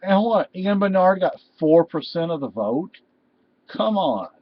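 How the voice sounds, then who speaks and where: A man's voice: sits high, big pitch swings, measured pace, lo-fi sound. A middle-aged man vlogging a political rant, scolding and lecturing his viewers with indignation.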